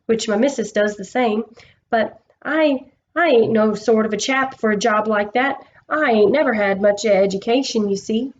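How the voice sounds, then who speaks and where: A woman's voice: a little high, normal speed, lo-fi sound, a little hiss or hum, close to an everyday voice. A woman voicing a humble, plain-spoken cab driver who talks hesitantly and deferentially.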